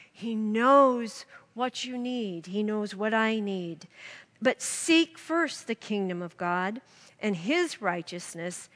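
A woman's voice: mid-range voice, expressive, slow, fairly bright tone, big-room sound. A woman giving an earnest devotional Bible teaching, reading scripture aloud to her listeners.

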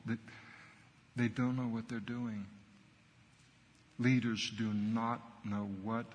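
A man's voice: mid-range voice, big-room sound. A middle-aged man, a pastor, preaching a sermon earnestly and emphatically in short punchy phrases.

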